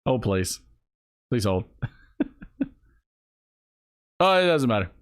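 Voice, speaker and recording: A man hosting a live stream, chatting casually and rambling, laughing often and talking to his viewers. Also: medium pitch. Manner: rambling, giggly, talks to chat. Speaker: host.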